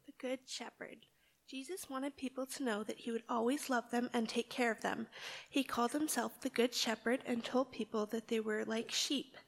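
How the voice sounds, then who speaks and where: A woman reading a children's Bible story aloud, expressive and bleating for the lamb. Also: a little high, moderate pace, creaky.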